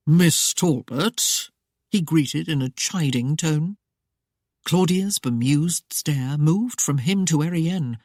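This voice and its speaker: Husky, dry-voiced audiobook narrator. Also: medium pitch, darkish tone, no room sound. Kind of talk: scripted narration.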